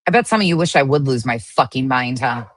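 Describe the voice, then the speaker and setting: Female streamer, low voice, angry and foul-mouthed, dry sound. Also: animated, fast talker, no echo. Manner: angry, profane ranting. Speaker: online drama commentator. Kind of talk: heated livestream commentary.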